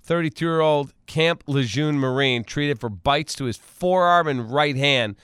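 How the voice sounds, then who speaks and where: A man's voice: on the high side, a little slow, a bit bright, clean tone, no echo, studio quality. A man hosting a radio talk show, telling news stories in a wisecracking, casual way and laughing easily. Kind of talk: casual morning radio banter.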